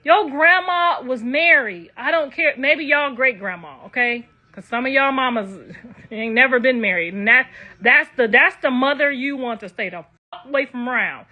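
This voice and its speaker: A woman's voice: high voice, moderate pace, lo-fi sound. An older woman ranting to her viewers in a brash, profane, casual way. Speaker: online commentator.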